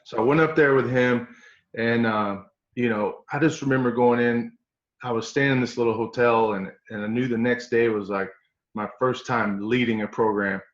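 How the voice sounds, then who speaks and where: A middle-aged man from East Tennessee with a Southern accent, telling coaching stories in a folksy, animated way on an interview show. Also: mid-range voice, moderate pace, echoey room, muffled recording. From East Tennessee, USA. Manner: folksy, animated, quotes others in voices. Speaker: strength coach guest. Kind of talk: storytelling interview.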